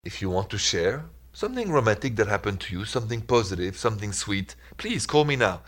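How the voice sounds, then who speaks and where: Fairly low in pitch yet bright in tone, the French-accented host speaks briskly with big pitch swings. On his call-in radio show he gives relationship advice in an earnest, reassuring way, through short coaching phrases.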